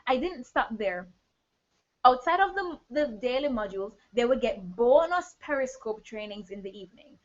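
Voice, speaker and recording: Energetic woman coach, higher voice, live online training, dull lo-fi stream audio. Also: normal speed. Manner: energetic, addresses viewers directly. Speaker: business coach.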